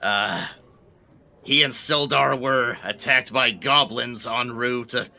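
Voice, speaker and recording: A man playing a tabletop game, speaking in a measured, matter-of-fact way. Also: mid-range voice, creaky, sharp tone. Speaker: player.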